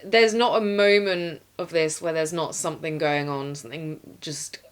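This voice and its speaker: A woman's voice: deep voice, steady tone, normal speed, clean tone. A woman co-hosting a casual film review, chatty and picking apart details, laughing often. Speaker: podcast co-host reviewing films.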